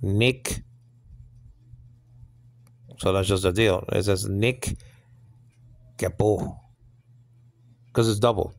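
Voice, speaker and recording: A man's voice: fairly low pitch, fairly even intonation, very slow, long pauses, darkish tone, dry recording. A middle-aged man teaching a casual Bible study, rambling with many fillers, repeated asides and restarts.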